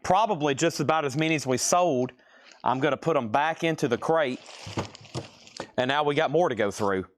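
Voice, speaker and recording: A man's voice: fairly high pitch, moderate pace, slight background noise. Drawling Southern man hosting a sale. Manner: drawls out words; chatty, reads out titles and prices. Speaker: live sale host. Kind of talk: live-stream record sale.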